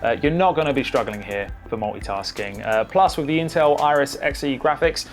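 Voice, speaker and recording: A man giving a relaxed, conversational laptop overview as a tech reviewer, with frequent fillers. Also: medium pitch, fairly quick, soft background music. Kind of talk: casual product overview.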